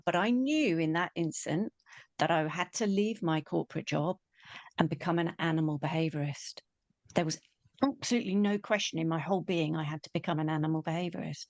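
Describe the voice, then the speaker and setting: A woman with a fairly low voice tells a personal story in an animated way. She acts out the quoted voices as she goes. The recording is dry and close. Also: normal speed, no echo. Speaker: spiritual teacher.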